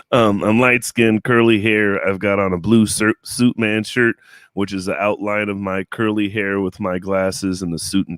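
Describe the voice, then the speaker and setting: An American man, a comedian and show producer, chatting casually in an interview from his home studio, enunciating clearly and laughing often. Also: lowish voice, fairly bright tone, no echo. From United States.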